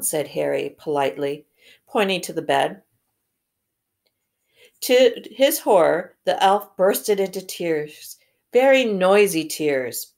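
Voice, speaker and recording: A woman reading a novel aloud slowly, correcting her slips and pausing to comment on the story. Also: on the low side, animated, creaky, a little mellow. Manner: slow, careful, stops to correct misread words. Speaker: reader. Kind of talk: read-aloud with think-aloud comments.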